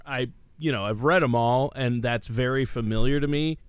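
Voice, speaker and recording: A man's voice: medium pitch, moderate pace, smooth, no echo. A man co-hosting a radio talk show, chatting in an easygoing way with many uh fillers. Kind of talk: casual chat.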